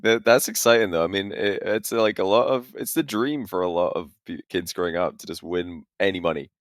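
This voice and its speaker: Deep-voiced podcast co-host, easygoing. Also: male voice, a little fast, no echo, clean studio sound. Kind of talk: casual chat.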